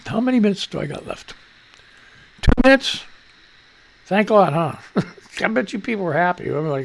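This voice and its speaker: Gravelly, lively man rambling through news. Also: sits high, moderate pace, long pauses, slight background noise. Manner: loose, jokey, mutters to himself, reads headlines aloud. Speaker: radio and livestream host. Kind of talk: rambling live news chat.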